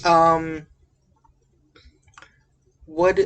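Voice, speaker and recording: This podcast host reviews a movie in casual chat, her low voice clean and level and her speech very slow. The recap rambles, full of jokes, tangents, and side comments.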